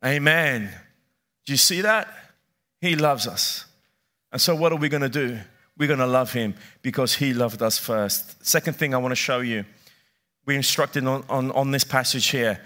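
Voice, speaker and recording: A man's voice: mid-range voice, normal speed, sharp tone. A middle-aged man preaching a sermon as pastor, emphatic, repeating key phrases and putting questions to his congregation. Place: church.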